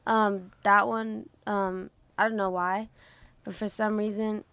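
Gravelly-voiced young woman, hesitant. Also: mid-range voice, little pitch movement, takes it slowly, fairly bright tone, no echo. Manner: hesitant, thoughtful, many fillers. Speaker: music student. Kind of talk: casual chat.

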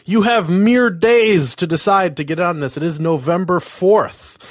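A man's voice: sits high, unhurried, no room sound, studio quality. A man hosting a podcast in casual chat, reading sponsor spots and rambling with many fillers and restarts. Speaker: podcast host.

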